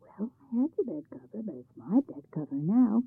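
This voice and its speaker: A woman's voice: mid-range voice, sing-song, moderate pace, creaky, husky, full character voice. A woman reading a storybook, voicing a clever farm boy who answers cheekily. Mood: cheeky. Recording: tinny phone-like sound.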